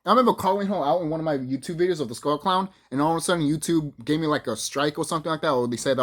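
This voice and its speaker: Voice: mid-range voice, very fast, few pauses. A vlogger delivering a profane, boastful ranting monologue to the camera, acting out the people in the story. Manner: profane, boastful, acts out quoted voices.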